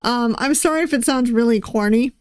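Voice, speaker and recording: A woman's voice: fairly high pitch, a little fast, clean tone, no echo, clean studio sound. A woman streamer reading a visual novel aloud, giggling and poking fun at her own attempts at voices. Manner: giggly, self-deprecating. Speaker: VTuber game streamer.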